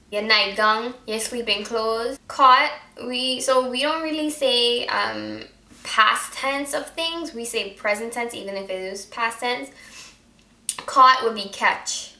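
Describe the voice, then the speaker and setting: Young Guyanese woman, casual vlogger, a touch high, demonstrates phrases by repeating them; roomy echo. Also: a little slow, vocal fry, pushed and bright. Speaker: beauty vlogger. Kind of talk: casual tag video, explaining Guyanese speech.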